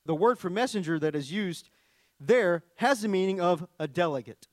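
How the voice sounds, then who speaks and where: A man's voice: high-pitched, lively intonation, normal speed, no echo. A man preaching a sermon in a conversational teaching manner, often starting with "see" and restarting phrases as he explains word meanings.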